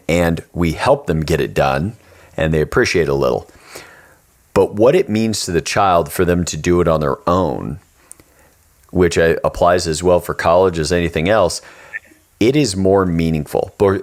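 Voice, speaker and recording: Deep-voiced man telling an animated story. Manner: animated storyteller, acts out the characters; reflective, earnest advice. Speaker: podcast host. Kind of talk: casual storytelling chat.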